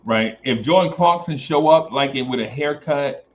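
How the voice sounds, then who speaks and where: Male sports stream host, casual and animated, repeats lines for emphasis, muffled lo-fi sound. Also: mid-range voice, moderate pace. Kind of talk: casual sports talk stream, reading chat. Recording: dull lo-fi stream audio.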